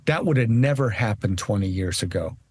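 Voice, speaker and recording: A man speaking as a conservative legislator guest in a political interview, emphatic and rallying, with quick restarts. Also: lowish voice, expressive, a little mellow, slightly rough.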